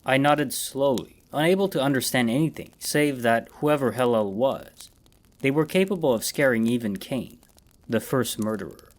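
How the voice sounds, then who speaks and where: A man reading a horror story aloud in a measured, dramatic narration. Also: mid-range voice.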